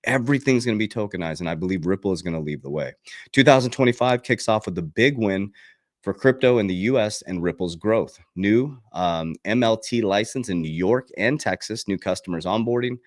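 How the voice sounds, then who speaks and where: On the low side and a little quick, this man's voice carries lively intonation in a dry, clean studio recording. He's a crypto coach running his own channel, preaching a heated motivational message to camera, cursing freely and voicing the people he quotes.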